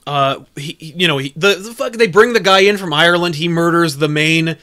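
Excitable, profane young man, bright voice. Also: on the high side, brisk. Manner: profane, excitable, stumbling restarts. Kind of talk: casual chat.

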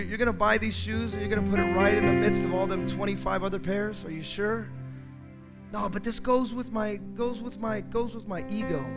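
A man preaching from the pulpit with a striking, very high voice, impassioned and dramatic as he acts out quoted voices. A piano plays clearly under his sermon in the church sanctuary. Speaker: pastor. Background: piano playing.

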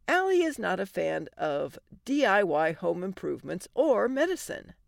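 Wry woman with a gravelly voice narrating stories. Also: medium pitch, sing-song, unhurried, few pauses, no echo. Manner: wry, dry comic delivery. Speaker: podcast host and story narrator. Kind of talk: storytelling podcast narration.

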